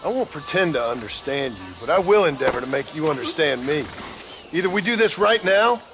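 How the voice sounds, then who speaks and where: An actor playing a gruff, reformed outlaw gunslinger in his thirties with a dry, blunt, menacing manner. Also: a little high, big pitch swings, a little fast, music in the background. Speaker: character in a video game. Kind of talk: video game cutscene acting.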